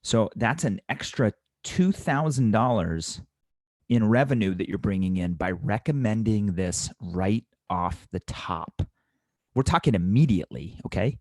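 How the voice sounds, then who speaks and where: A man with a fairly low voice coaches restaurant servers, working through the numbers one step at a time. He presses the important points home by repeating them. The sound is dry and close, with no room echo. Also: expressive, unhurried, darkish tone. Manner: emphatic, repeats key points. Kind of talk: instructional talk.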